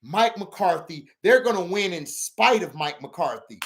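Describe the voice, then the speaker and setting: A man doing an impression of a blustery male sports pundit who insists the coach is the problem, in a deep gruff voice. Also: lively intonation, measured pace. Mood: insistent.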